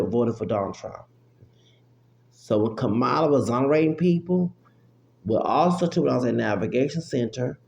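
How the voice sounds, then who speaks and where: A vlogger records an unfiltered, profane rant into a phone app, repeating himself and bursting into exclamations. His mid-range voice is gravelly and darkish, and the audio is dull, with roomy echo and a faint hum.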